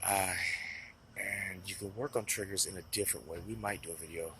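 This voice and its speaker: A man with a very low voice talks through self-help advice in a loose, unscripted way. He is blunt and swears constantly, doubling back on his own sentences. A steady wash of noise sits clearly behind him. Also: brisk. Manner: blunt, swears a lot, rambling with restarts. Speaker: self-help video maker. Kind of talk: casual unscripted talk to camera.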